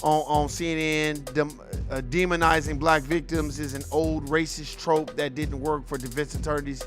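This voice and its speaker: A man's voice: on the high side, little pitch movement, moderate pace, over music. Heated, profane man ranting on a stream. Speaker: host. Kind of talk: ranting reaction commentary.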